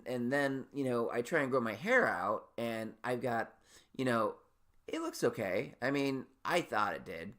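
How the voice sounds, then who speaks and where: A man's voice: medium pitch, fairly bright tone. A man hosting his own podcast, ranting in a rambling, neurotic and profane way. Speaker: podcast host. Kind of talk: solo comedic rant.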